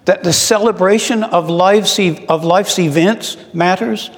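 Slow, reflective male preacher in a hall. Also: sits high. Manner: slow, reflective, with rhetorical questions. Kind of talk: sermon. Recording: long reverb in a large hall.

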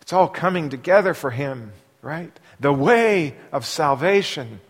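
A man preaching a sermon, asking his listeners rhetorical questions and moving between quiet asides and loud, emphatic passages. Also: on the high side, animated, measured pace, husky. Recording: long hall reverb.

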